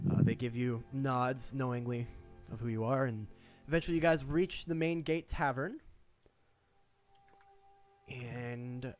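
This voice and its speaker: A young man narrating a tabletop game as game master, rambling with many pauses and restarts. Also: mid-range voice.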